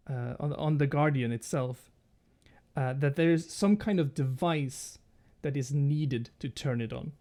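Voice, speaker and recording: A man narrating as game master in a live tabletop role-playing session, halting often and restarting his sentences as he describes the scene. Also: mid-range voice, dark tone. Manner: halting, many restarts and fillers.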